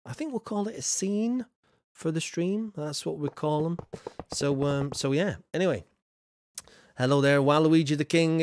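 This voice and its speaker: A man's voice: on the high side, normal speed, darkish tone, no echo. A man streaming a game, casually reading viewers' comments aloud and chatting with frequent fillers. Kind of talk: casual live-stream chat.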